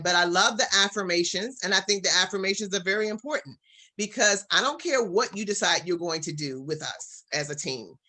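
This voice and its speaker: Bright-voiced upbeat female business coach. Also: fairly low pitch. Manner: upbeat and encouraging, addresses audience as family. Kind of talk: casual online coaching presentation.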